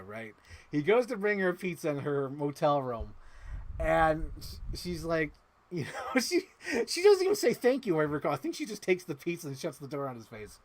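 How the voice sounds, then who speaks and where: A man with a slightly high voice recaps a movie casually on a livestream. He talks excitably, curses often and openly gets emotional about the story. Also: a little hiss or hum.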